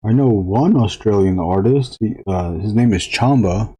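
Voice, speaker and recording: A man chatting casually to viewers while drawing on a live stream, rambling with frequent halting restarts. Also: on the low side, dark tone, slightly rough.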